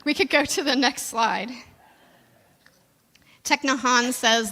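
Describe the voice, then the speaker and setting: A woman reverend giving a sermon in a conversational way, slowing down for emphasis. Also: sits high, sharp tone, in a large hall.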